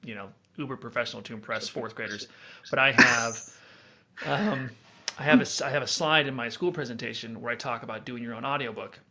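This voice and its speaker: A man's voice: medium pitch, fairly quick. A man hosting a casual podcast chat, telling stories animatedly and breaking into character voices. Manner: animated storytelling, demonstrating voices. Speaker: podcast host and audiobook author.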